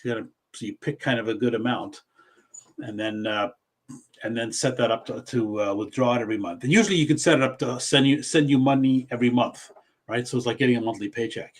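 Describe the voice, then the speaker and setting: A middle-aged financial planner from Canada explaining things casually, often restarting his sentences. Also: medium pitch.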